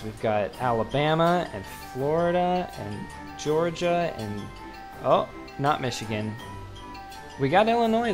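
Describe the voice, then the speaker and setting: A young man giving casual, rambling commentary as he plays a video game, mocking himself, with lots of fillers and restarts. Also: medium pitch. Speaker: gaming video host. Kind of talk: casual let's-play commentary.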